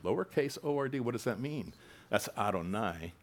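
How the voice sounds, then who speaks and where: Male pastor, mid-pitched, very animated sermon delivery with loud emphatic bursts and asides. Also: moderate pace. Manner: animated preaching, reading scripture aloud with sudden loud emphatic bursts and asides.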